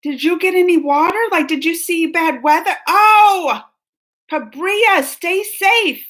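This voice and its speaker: On a casual livestream, a woman reacts to things, reading viewer comments aloud, rambling and laughing a lot. Her voice is very high and fairly bright, her pace measured, and the audio quality is low.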